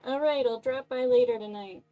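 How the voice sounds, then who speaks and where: A woman's voice: high-pitched, moderate pace, narrow, tinny audio, soft background music, close to an everyday voice. Woman doing a chatty young caller on the phone. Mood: upbeat. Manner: upbeat, loud phone chatter. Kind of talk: game voice acting.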